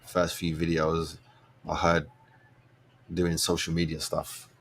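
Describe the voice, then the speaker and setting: A man hosting a show, ranting his opinions in blunt, slangy, animated talk. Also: takes it slowly, a little hiss or hum. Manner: animated, slangy and blunt, swings between low mutters and loud outbursts. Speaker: show host. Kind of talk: casual opinion rant.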